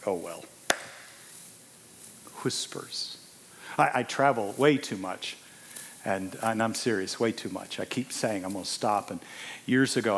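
A man in his sixties preaching a sermon, swinging from hushed asides to loud, emphatic exclamations. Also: on the low side, slight background noise.

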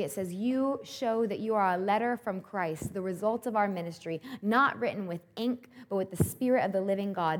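Woman in her thirties, lowish voice, earnest devotional storytelling. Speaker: speaker at a Christian event.

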